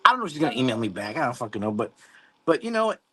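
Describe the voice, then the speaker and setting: A man's voice: mid-range voice, sing-song, very fast, a bit bright. A man hosting a live stream, reading out viewer comments and chatting casually, rambling, swearing and laughing often. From Mexico. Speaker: livestream host.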